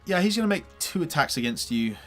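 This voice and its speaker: A man's voice: fairly high pitch, very animated, fast, fairly bright tone, soft background music. A man narrating as game master of a tabletop game, hesitant, with many fillers and restarts.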